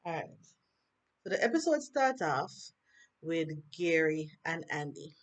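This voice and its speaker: A woman's voice: sits low, sing-song, measured pace. Chatty Jamaican woman reviewing a show. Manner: chatty, rambling, with fillers and asides. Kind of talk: casual chat.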